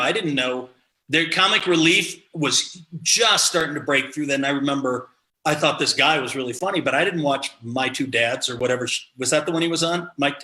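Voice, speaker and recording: The audio is poor and the room echoey, but the slightly high voice belongs to an animated middle-aged Midwestern comedian. Guesting on a podcast, he swaps comedy stories casually and performs the voices of the people he quotes.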